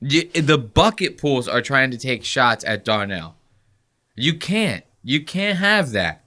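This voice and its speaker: A man hosting a podcast, telling stories in a loose, profane, animated way and mocking people with quick impressions. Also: medium pitch. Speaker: podcast host. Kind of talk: casual podcast banter.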